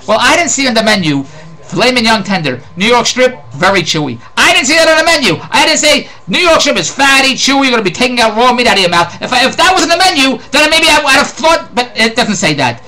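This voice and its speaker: Fast-talking exasperated Philadelphia man. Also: very high voice, animated, sharp tone, poor audio. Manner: rambling, exasperated, repeats words. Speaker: host. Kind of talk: ranting comedic monologue.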